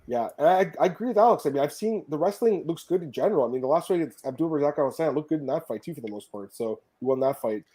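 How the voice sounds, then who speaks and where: Male host, casual podcast chat, quick and emphatic, slightly higher pitch. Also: animated, warm tone. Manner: emphatic, blunt, swears freely.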